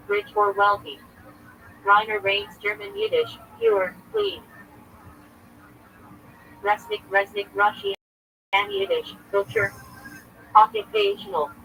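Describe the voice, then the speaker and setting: Gravelly rabbi reading in clipped fragments. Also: male voice, sits high, sharp tone, a little hiss or hum, poor audio. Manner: clipped fragments, terse and listing. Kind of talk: livestream reading from a list.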